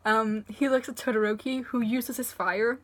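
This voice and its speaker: A woman's voice: a little high, fairly even intonation, normal speed. A woman reviewing a manga chapter in a casual, rambling way, tearful and choked up as she gushes about it. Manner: rambling and gushing, full of fillers and swearing.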